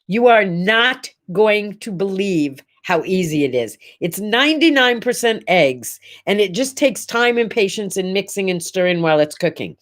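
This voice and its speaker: A woman's voice: mid-range voice, lively intonation, normal speed, hardly any pauses. A middle-aged woman hosting a casual morning chat show, talking straight to the camera in a gushing, rambling way full of asides. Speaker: host.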